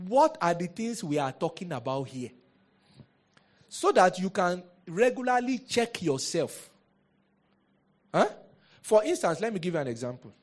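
A man preaching a sermon as a pastor, lively and rhetorical, often asking the congregation questions. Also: high-pitched.

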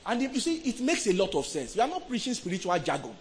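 A man with a Nigerian accent preaching a sermon, emphatic, swinging from soft to loud and asking the crowd questions. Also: high voice, huge pitch swings, quick pace, a little hiss or hum, rough recording.

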